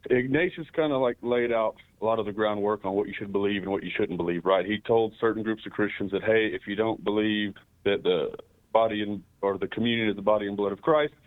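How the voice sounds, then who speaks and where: A man's voice: lowish voice, fairly even intonation, brisk. A man from Texas with a Texan accent, calling in to a radio show, earnest and rambling as he thinks aloud. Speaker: caller. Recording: tinny phone line.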